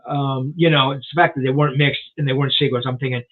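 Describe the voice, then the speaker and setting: A man's voice: medium pitch, fairly even intonation, fast. A man in his sixties, a rock journalist and author, telling a story as a guest in a casual interview, rambling with lots of "you know" and restarts. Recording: tinny phone-like line.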